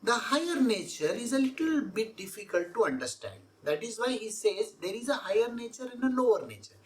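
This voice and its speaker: Speaking briskly in a fairly high, very animated voice, a woman works through scripture verse by verse as a spiritual teacher. She repeats her points and poses rhetorical questions throughout this scripture exposition talk.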